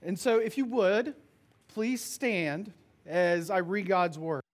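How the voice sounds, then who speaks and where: A male pastor preaching a sermon, reading scripture and telling stories in an earnest, expressive way. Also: high voice, takes it slowly.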